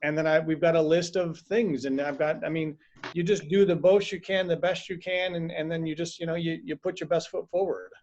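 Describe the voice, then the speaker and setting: A man chatting casually on a video call, telling stories with animated acted-out quotes. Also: a little high, a little fast. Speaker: acupuncturist and host. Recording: dull lo-fi video call audio.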